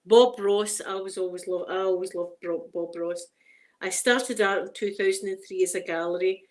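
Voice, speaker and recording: A Scottish woman chats her way through an unboxing on her channel. She talks in a warm, emotional way, often restarting words as she stumbles over reading aloud. Her voice sits at an ordinary middle pitch. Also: steady tone, moderate pace. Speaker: ASMR channel host. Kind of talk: casual unboxing chat.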